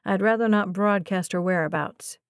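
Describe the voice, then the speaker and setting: A woman voicing a calm, protective young man who talks in short, clipped phrases, in an audiobook. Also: medium pitch, normal speed, clean tone, no room sound, clean studio sound, natural voice.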